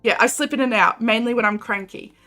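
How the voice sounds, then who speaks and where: A woman's voice: on the high side, a little fast, bright, forceful tone. A woman chatting casually with her viewers while playing a game, rambling and giggly. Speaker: game streamer. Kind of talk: casual live-stream chat while playing. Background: faint game music.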